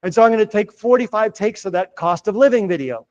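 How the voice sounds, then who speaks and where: In an office meeting room, a middle-aged man gives a live presentation coaching people on real estate marketing. His high, darkish voice is fast and animated on a lo-fi recording, upbeat and chatty, often asking "right?".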